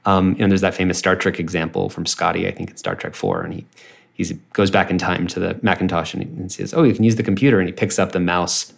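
Middle-aged male host, low gravelly voice, rapid long sentences. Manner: quick, builds long winding sentences. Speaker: podcast host. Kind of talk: conversational interview.

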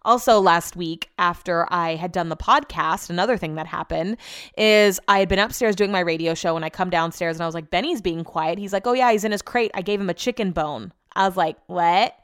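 A woman's voice: on the low side, brisk, a bit bright, clean tone, no echo, clean studio sound. A woman hosting a podcast, chatting casually and telling stories with lots of "like.". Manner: chatty storytelling with frequent "like". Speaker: podcast host. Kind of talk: casual chat.

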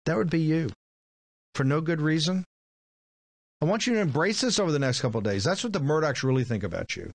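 A man's voice: fairly high pitch, sing-song, fairly quick, gravelly, long pauses, no room sound. Combative man hosting a political show. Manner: combative, sarcastic, repeats phrases. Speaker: political talk show host. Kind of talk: fiery political monologue.

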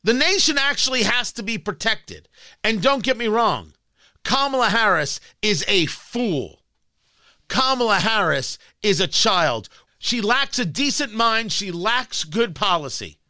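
Fired-up radio guy ranting, high bright voice, bouncing all over, dead dry studio sound. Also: sing-song, a little slow, dry recording. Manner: combative, emphatic ranting. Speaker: talk radio host. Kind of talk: talk radio monologue. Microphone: studio microphone.

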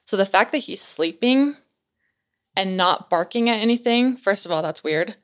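A young woman chats loosely with a podcast host, her sentences strung together with frequent "like"s. She sounds casual and talkative, with a middle-range pitch, and tells her story as it comes. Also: expressive, normal speed. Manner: chatty, peppers speech with "like". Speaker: podcast guest.

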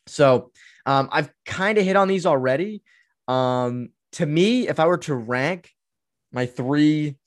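With a medium-pitched voice, a man in his twenties talks casually through a hockey team's analysis on his sports podcast, musing aloud and leaning on filler words. Clean studio sound, no echo.

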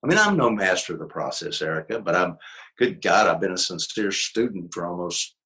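Older man, interview guest, low voice, emphatic and reflective. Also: animated, a little fast, bright, forceful tone, poor audio. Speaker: psychologist and author, interview guest. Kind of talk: conversational interview.

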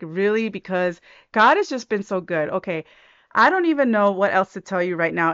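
A woman's voice: mid-range voice, fairly bright tone, clear, resonant tone, highs cut off. A woman hosting a Christian podcast in a casual solo chat, effusive and gushing, often restarting her sentences.

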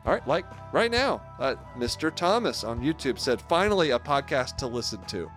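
A man's voice: mid-range voice, very animated, moderate pace, a bit bright, soft background music. A man in his thirties co-hosting a podcast, reading the outro in a joking, casual way with many restarts. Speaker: podcast co-host.

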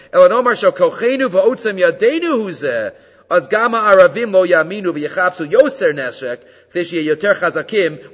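Male Torah teacher, high voice, lively storyteller, dull recording with long hall reverb. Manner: animated storytelling, mixing Hebrew quotes with English explanation. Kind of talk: Torah class on the weekly portion.

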